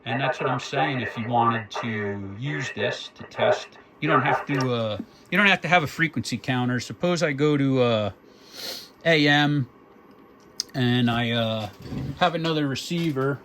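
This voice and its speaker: A man's voice: medium pitch, measured pace, a bit bright, a little hiss or hum. A man casually demonstrating a radio, talking through his settings and counting test words into the mic. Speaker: radio equipment reviewer. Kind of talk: casual demo talk.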